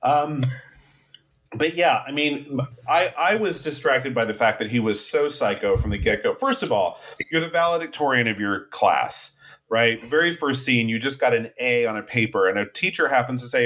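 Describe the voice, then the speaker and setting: A man of ordinary mid pitch co-hosts a film review chat. He sounds exasperated and sarcastic, swearing casually as he tears into the plot. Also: expressive, moderate pace, a bit bright. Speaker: podcast co-host.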